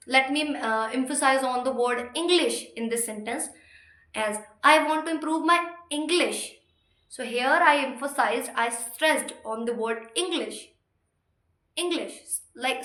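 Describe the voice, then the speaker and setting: A woman with a high voice teaches English in a relaxed, explanatory way. Her tone is bright, and she restates every point several times. The room around her adds a noticeable echo. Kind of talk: informal explanatory lesson. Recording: roomy echo.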